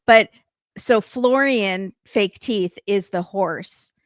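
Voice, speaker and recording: A woman's voice: medium pitch, no room sound. Wry woman co-host, dry close sound. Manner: wry, quick asides with laughter. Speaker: podcast co-host. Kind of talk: casual recap chat.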